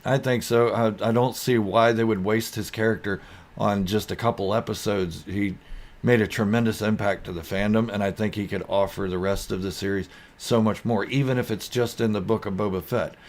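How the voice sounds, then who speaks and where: A low-voiced man speaks at normal speed while hosting a casual live stream. He reads viewers' comments aloud, rambling goofily and easily through them.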